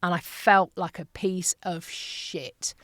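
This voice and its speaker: A woman's voice: lowish voice, slow, no echo. A British woman around fifty, a broadcaster guesting on a podcast, telling stories animatedly and acting out the voices she quotes. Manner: animated storyteller who acts out quoted voices. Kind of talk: casual interview chat.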